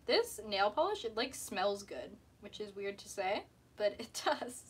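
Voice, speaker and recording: A woman's voice: mid-range voice, big pitch swings, unhurried, husky. A young woman in casual live-stream chat, giggly and chatty, answering viewers while painting her nails. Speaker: mermaid streamer.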